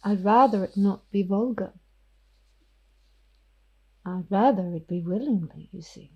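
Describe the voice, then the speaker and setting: A woman voicing a cruel female vampire elder who taunts in a breathy, whispery voice. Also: mid-range voice, measured pace, highs cut off. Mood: menacing. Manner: silky and taunting.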